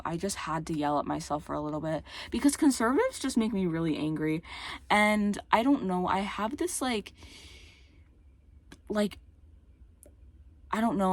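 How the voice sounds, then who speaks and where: A woman's voice: mid-range voice, no echo. A woman vlogging in a heated, exasperated rant, rambling and restarting, her speech a little slurred by a retainer and prone to voice cracks. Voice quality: occasional voice cracks. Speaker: YouTuber. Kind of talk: casual ranting vlog.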